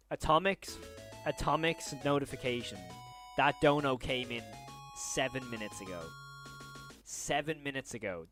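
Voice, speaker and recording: A man live streaming, stunned and repeating himself in disbelief, swinging between loud outbursts and low muttering. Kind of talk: live stream reaction to chat.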